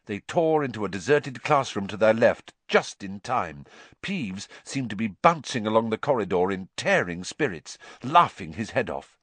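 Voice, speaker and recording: A man reads a storybook aloud with an expressive, lively delivery, his pitch rising and falling freely. The recording is dry and close, like a small studio booth. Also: moderate pace, no echo. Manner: expressive, acts out each character. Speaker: audiobook narrator. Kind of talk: audiobook reading.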